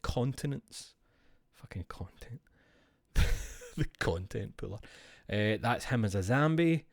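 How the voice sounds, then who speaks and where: A man's voice: mid-range voice, dry recording, clean studio sound. A man streaming, chatting casually in a rambling, profane, jokey way.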